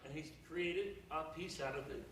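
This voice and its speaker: A man's voice: fairly high pitch, normal speed, loud music behind the voice. Older man coaching drummers in echoing hall. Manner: coaching, counting off and storytelling. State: out of breath. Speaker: drum clinician. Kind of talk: live drum clinic teaching. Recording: distant mic in echoey hall.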